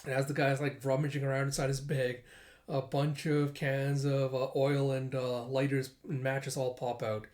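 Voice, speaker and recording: A manga reader narrating a comic chapter casually, animated and giggly, reading out sound effects. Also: medium pitch, normal speed. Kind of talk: casual comic read-through.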